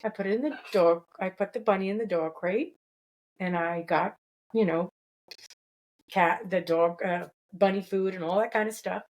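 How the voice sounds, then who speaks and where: A woman's voice: mid-range voice, moderate pace, darkish tone, low-quality recording. A woman host on a video call, telling a personal story in a rambling, casual way. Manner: rambling, many restarts. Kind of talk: casual chat.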